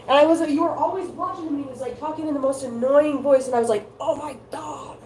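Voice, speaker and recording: A woman's voice: sits high, fast talker, a little mellow, slight background noise, low-quality recording. A woman doing a casual tarot reading, rambling and chatty, with lots of filler words. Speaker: tarot card reader.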